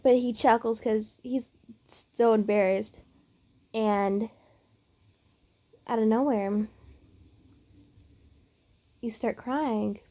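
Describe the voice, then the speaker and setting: A woman's voice: fairly high pitch, steady tone, mellow. A woman narrating a reader-insert story in a casual, chatty way. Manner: unhurried, chatty, with fillers.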